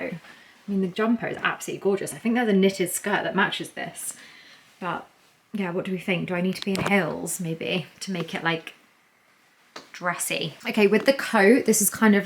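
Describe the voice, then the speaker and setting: A woman, chatting casually to camera from her bedroom and thinking out loud. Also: medium pitch, a little hiss or hum. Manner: chatty, rambling, self-questioning. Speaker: lifestyle vlogger.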